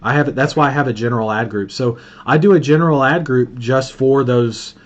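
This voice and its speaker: A man's voice: medium pitch, brisk. A man with a Southern Alabama accent hosting a casual marketing call, telling stories in a folksy way and laughing often. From Birmingham, Alabama. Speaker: host of a marketing live call. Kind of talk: casual coaching chat. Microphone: video call. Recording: dull lo-fi call audio.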